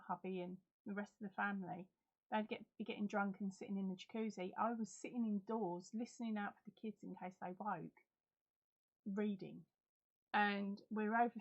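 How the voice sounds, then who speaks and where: A woman's voice: mid-range voice, a little mellow, lo-fi sound. A middle-aged woman hosting a casual live chat from home, reading out viewer comments, giggling and talking a lot. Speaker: livestream host.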